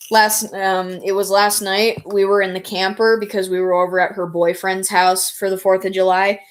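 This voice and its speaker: A woman's voice: mid-range voice, little pitch movement, measured pace. A woman streamer chatting casually, rambling and answering her viewers. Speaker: live streamer. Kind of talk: casual live stream chat.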